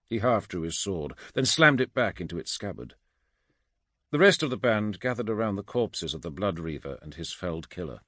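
A man reads dark fantasy aloud in a low, dramatic, measured voice. His pitch moves a lot across the lines, and the recording is dry and close. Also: big pitch swings, slightly rough, no room sound. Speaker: narrator. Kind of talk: audiobook fantasy narration.

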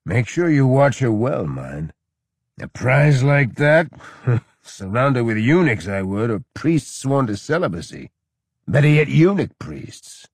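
Man doing a drunk Roman general, slurring, loud, crude, husky voice, dry sound. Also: mid-range voice, very animated, a little slow, no room sound, voice pushed up, full character voice. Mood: drunken. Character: drunken boorish male Roman general, leering.

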